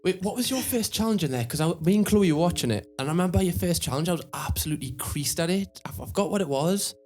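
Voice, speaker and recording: Fast-talking man asking chatty questions. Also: sits high, expressive, a little mellow. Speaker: podcast co-host. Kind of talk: casual chat.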